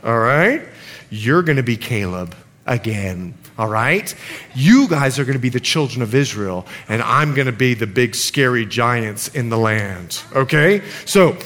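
A male pastor preaching a sermon in a church, animated and playful with his audience. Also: medium pitch, a little slow. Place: church sanctuary. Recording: long hall reverb, congregation audible. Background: congregation.

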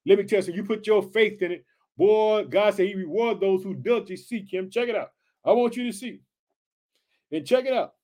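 Fired up and brisk, a high-voiced man delivers a Bible study sermon, reading passages of scripture and adding his own commentary. He addresses his listeners as family throughout.

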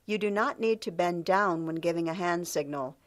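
A woman's voice: lowish voice, normal speed. A woman giving a scripted instructional narration, reading steadily and calling out each section heading.

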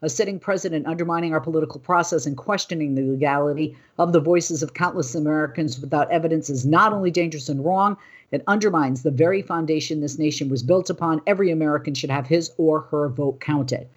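Breathy, animated woman hosting a news podcast. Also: sits low, quick pace, muffled recording. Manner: animated, indignant, talking off script. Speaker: host.

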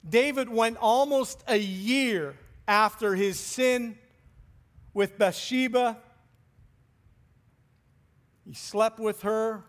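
A man preaching a sermon, speaking deliberately with pauses and letting phrases trail off softly. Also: high-pitched. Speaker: pastor.

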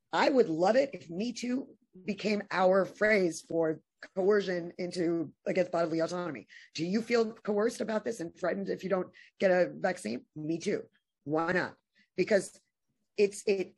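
A woman guest in an interview, talking emotionally with many restarts and halting phrases. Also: on the low side, darkish tone, slightly rough. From New York. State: tearful at times. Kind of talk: impassioned conversational interview.

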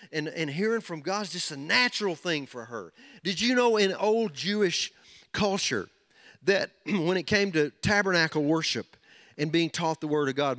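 A man's voice: fairly high pitch, bright, forceful tone. A man preaching a sermon, emphatic and repeating key phrases as he builds intensity.

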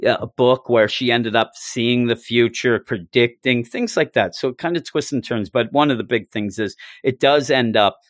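A man co-hosting a casual comics talk show, animated and acting out characters' lines in a raised voice. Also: medium pitch, moderate pace, few pauses, no room sound, studio quality. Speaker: comics podcast co-host. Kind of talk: casual chat.

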